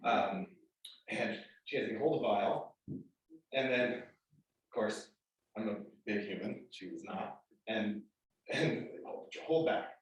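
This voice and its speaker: A man with a somewhat low voice gives a spoken tribute at a memorial, pausing and restarting his sentences often. He is picked up from far off, and the hall rings with heavy echo. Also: lo-fi sound. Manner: halting, many restarts and fillers. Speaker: memorial speaker. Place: spiritual center hall. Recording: echoey hall, mic from far off.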